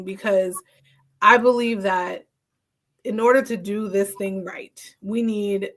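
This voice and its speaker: A young woman hosting a podcast, casual and affirming toward her guest. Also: mid-range voice. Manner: supportive, affirming, frequent back-channel. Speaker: podcast host. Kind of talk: casual chat.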